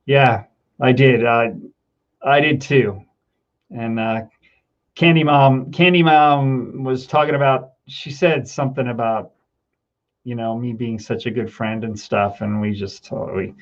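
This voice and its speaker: A man's voice: medium pitch, fairly even intonation, measured pace, highs cut off. A middle-aged man hosting a casual livestream, rambling with many ums and getting teary as he thanks his viewers. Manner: emotional, teary, laughing between words. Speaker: livestream host. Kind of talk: casual livestream chat reading viewer comments.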